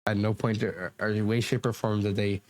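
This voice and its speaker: Low-voiced man arguing over comments. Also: fairly even intonation, normal speed. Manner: rambling, restarts and fillers, defensive. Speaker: commentary YouTuber. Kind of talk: argumentative commentary reacting to comments. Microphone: desk mic.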